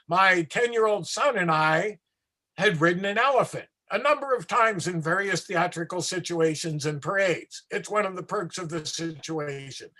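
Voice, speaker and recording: Animated street performer dude telling stories, high voice, bright and punchy, keeps going off on tangents. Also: male voice. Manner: animated, acts out voices, trails into asides. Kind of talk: anecdotal storytelling in an interview.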